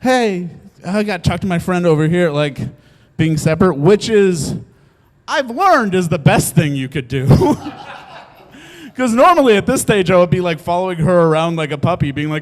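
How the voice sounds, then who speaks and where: A man's voice: sits high, normal speed. A young man telling a funny personal story on stage, laughing often and acting out the voices of the people in it. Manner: animated, laughs often, acts out quotes. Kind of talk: live comedic storytelling.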